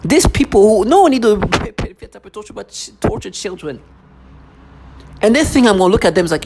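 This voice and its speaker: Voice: big pitch swings, brisk, noisy background. Agitated vlogger in a rambling monologue. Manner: intense, repetitive, mimics others in a lower voice.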